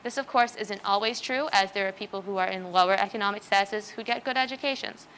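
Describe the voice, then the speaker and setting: Talking fast in a medium-pitched, slightly bright voice, a teenage girl presents a prepared talk on a school stage. She explains earnestly with lots of examples, over a little hiss or hum.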